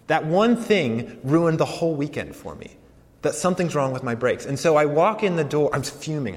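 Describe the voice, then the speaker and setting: A young adult man, a campus ministry pastor, giving a conversational sermon with self-deprecating, animated storytelling. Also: a little high, moderate pace. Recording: long hall reverb.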